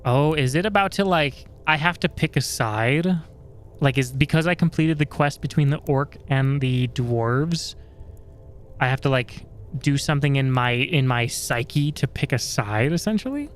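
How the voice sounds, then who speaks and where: A man streaming a game, talking excitably, swearing freely, and tripping over words now and then. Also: medium pitch, a little slow, soft background music. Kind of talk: casual game commentary.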